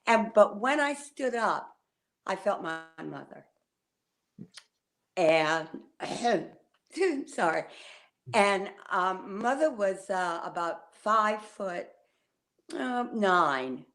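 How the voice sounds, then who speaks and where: An older woman, a guest on a video call, telling a personal memory in a halting, pausing way. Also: mid-range voice, very animated. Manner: warm, halting storytelling with pauses.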